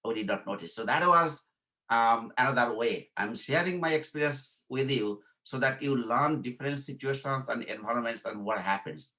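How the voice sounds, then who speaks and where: A man's voice: medium pitch, moderate pace, poor audio. A man from Bangladesh giving an informal workshop lesson, repeating his points and checking in with "okay?". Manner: repeats phrases, asks "okay?" to check understanding; acts out quoted dialogue in softer voice. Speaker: workshop instructor. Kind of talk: informal teaching talk.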